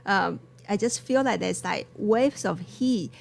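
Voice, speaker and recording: Gravelly-voiced woman chatting about tea. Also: medium pitch, slow pace, a little hiss or hum. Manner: laughs often, loose non-native grammar. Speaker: tea shop co-host. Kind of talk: casual live-stream chat.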